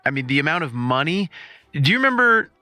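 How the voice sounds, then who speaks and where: A man co-hosting a podcast in casual chat, telling stories with animated comic exaggeration. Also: fairly high pitch, fast talker, dry recording. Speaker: podcast co-host.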